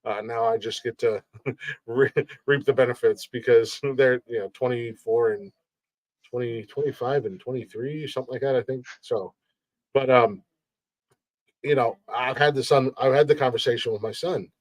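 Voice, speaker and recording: A man hosting a podcast talks in a loose, casual way, tripping over his words and often laughing. His voice sits in a middle pitch. The sound is dry and close. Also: steady tone, normal speed, dry recording. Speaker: podcast host. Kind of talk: casual chat.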